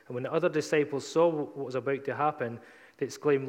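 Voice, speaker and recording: A man's voice: medium pitch, quick pace. Man, preacher, conversational sermon, mid-range voice, long hall reverb. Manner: conversational storytelling, retelling scripture casually.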